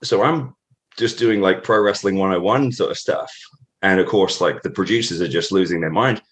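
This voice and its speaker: A British man with a very low, deep voice tells a long story as a guest on an interview show. He talks in a loose, rambling way, circling back with fillers and restarts. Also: moderate pace. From Britain.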